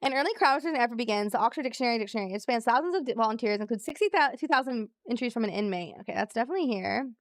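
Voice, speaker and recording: A woman with a slightly high voice talks in an animated rush with few pauses, recorded at studio quality with no echo. Streaming a trivia game, she reads clues aloud, laughs easily and chats casually with viewers.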